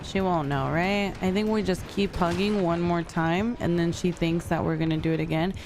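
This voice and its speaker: A woman's voice: fairly low pitch, steady tone, normal speed, a little mellow, slight background noise. A young woman streaming a game, chatting casually, thanking viewers and answering chat. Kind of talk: casual live-stream chat while gaming. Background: faint music.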